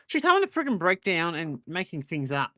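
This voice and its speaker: A man's voice: fairly high pitch, huge pitch swings, fairly quick, sharp tone, no echo, studio quality. A man hosting a livestream, venting his frustration in casual chat. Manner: irritated, venting. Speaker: stream host.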